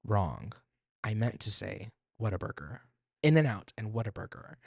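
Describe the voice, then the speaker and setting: A man's voice: lowish voice, animated, moderate pace, vocal fry, darkish tone, husky, no room sound, studio quality. A young man from Texas in his twenties hosting a solo podcast, chatty and self-deprecating, breaking into sudden squeals and laughs. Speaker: podcast host.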